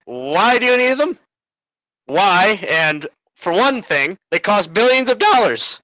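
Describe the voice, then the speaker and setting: A man's voice: high voice, big pitch swings, takes it slowly, pushed and bright, no echo, low-quality recording. A man giving a rambling, casual debate argument, full of fillers and little laughs.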